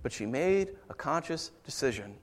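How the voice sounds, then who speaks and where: A man preaching a sermon as pastor, moving between quiet storytelling and raised, impassioned passages. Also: medium pitch, sing-song, normal speed.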